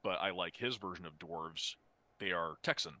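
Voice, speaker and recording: Man, very deep voice, bright tone, casual chat, trails off. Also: normal speed.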